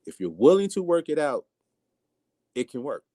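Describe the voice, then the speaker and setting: A man's voice: fairly high pitch, normal speed, no echo. A man hosting a casual livestream, talking bluntly and with animation, acting out the things people say. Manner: animated, blunt, acts out quotes. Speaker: livestream host. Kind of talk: casual live-stream commentary.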